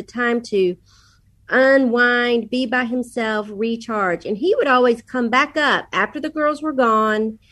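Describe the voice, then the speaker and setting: A middle-aged woman on a podcast talks through parenting advice in an easy, chatty way. She often slips into her children's voices as she tells stories, and her voice sits a little high. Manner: storytelling, quotes her kids. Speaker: podcast guest, parenting speaker. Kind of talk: casual advice talk.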